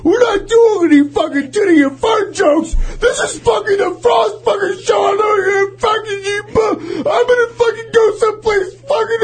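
A man putting on an impression of a furious male radio host, shouting in a high voice while sobbing. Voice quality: shrill shouting and crying.

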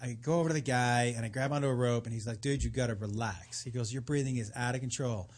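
A man telling a story in casual chat, animated and profane, acting out what others said. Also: medium pitch, fast. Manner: animated, profane, acts out quotes.

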